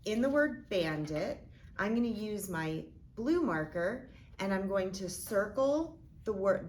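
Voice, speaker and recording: A woman teacher walks through a phonics lesson in a somewhat low voice, speaking slowly and deliberately. She sounds out each part of a word with care. Faint room noise hums under the recording. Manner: slow, deliberate, sounding out words.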